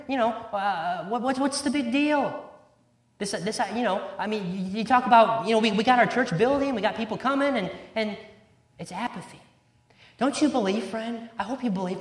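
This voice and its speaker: A man preaching a sermon with emphasis, repeating key words and quoting scripture in old-fashioned wording. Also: high-pitched. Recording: roomy echo.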